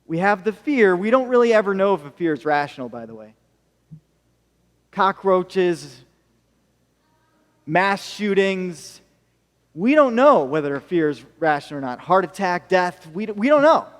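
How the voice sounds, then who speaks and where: Man, American accent, pastor, sermon, joking storyteller, high-pitched, church hall reverb. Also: very animated, a little slow, pauses often. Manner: storytelling, jokey asides.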